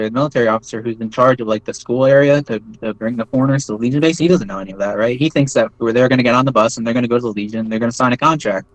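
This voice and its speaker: A former foreign volunteer fighter, interviewed as a guest, tells his story casually and ramblingly at ordinary pitch, piling up fillers and tag questions like "right?" to check in with the listener. The recording is dry and close with no room sound, and the audio quality is poor.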